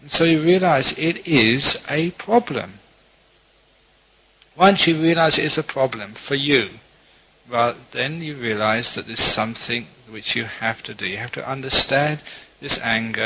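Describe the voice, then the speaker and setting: A middle-aged man, a Buddhist monk, giving a conversational dharma talk and teaching gently, with quoted asides. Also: mid-range voice, measured pace, a little hiss or hum. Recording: dull lo-fi talk recording.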